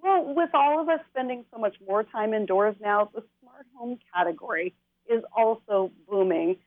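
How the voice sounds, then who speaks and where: A woman's voice: on the high side, moderate pace, dry recording. An enthusiastic woman talks through gadgets as an expert guest on a TV segment. Her voice comes in thin and tinny over a phone line, dry with no room sound. She sounds bubbly and laughs easily. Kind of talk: TV segment interview, product rundown.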